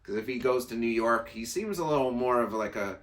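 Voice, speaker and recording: A man's voice: medium pitch, animated, a little fast, a bit bright. A man hosting a casual solo sports talk show, rambling and opinionated, often repeating and restarting his phrases.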